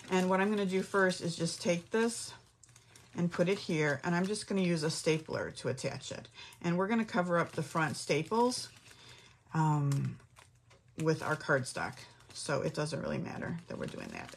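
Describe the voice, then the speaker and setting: There's a little hiss or hum behind this low-voiced middle-aged woman. She's the host of an informal craft tutorial in her home craft room, chatting and thinking out loud as she goes.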